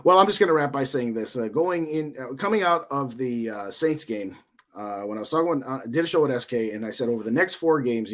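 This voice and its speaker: A man in his forties co-hosting a casual sports podcast, giving long opinionated rants. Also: mid-range voice. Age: 40s. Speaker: podcast co-host.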